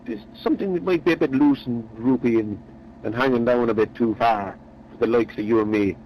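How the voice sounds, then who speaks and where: A man's voice: medium pitch, fairly quick, lo-fi sound, slight background noise. A man telling a long, rambling joke in a chatty, meandering way. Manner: meandering, chatty, repeats words. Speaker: storyteller.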